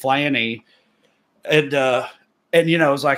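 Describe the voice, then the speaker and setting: A man's voice: mid-range voice, moderate pace, long pauses, fairly bright tone. A man with a thick Appalachian Southern accent, a podcast co-host and comedian telling stories in casual chat, rambling with restarts. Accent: Southern US, Appalachian (Tennessee). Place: Los Angeles.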